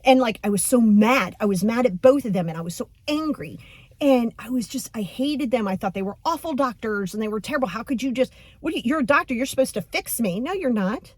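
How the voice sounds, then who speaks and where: Young woman podcast host, coach type; candid, animated, fairly high voice, dry recording. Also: fairly quick, no echo. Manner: blunt, animated, acts out quoted voices. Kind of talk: casual motivational podcast talk.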